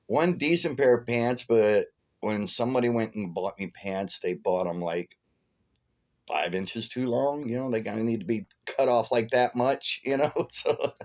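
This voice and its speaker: Man, casual vlog, rambling storyteller, profane, flares up loud, middle pitch. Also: a little slow. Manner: profane, rambling, animated storyteller who flares loud when retelling anger. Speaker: vlogger.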